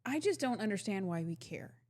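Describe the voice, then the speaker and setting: A woman's voice: mid-range voice, very animated, brisk, dark tone. A woman co-hosting a podcast, chatting casually and asking plain questions about current affairs. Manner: chatty, asks naive questions. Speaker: podcast co-host.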